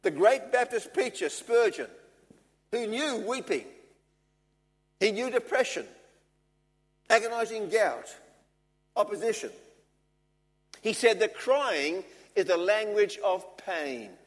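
A man preaching a sermon, earnest and measured, driving his points home with repetition. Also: high voice, animated. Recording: long hall reverb.

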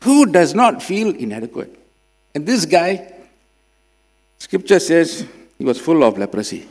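A man from Singapore, preaching a sermon and swinging between loud emphasis and quiet drops. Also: fairly high pitch, big pitch swings, measured pace. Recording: long hall reverb with mains hum.

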